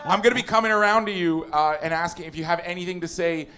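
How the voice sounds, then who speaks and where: A man's voice: high-pitched, bright, forceful tone, slight background noise. Playful male comedy host. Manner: playful, jokey, quick asides. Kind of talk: live comedy panel hosting.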